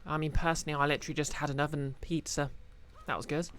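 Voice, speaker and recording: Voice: mid-range voice, little pitch movement, quick pace, a bit bright. Chatty game streamer. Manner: chatty, rambling, with many fillers. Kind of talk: casual chat while playing and reading chat.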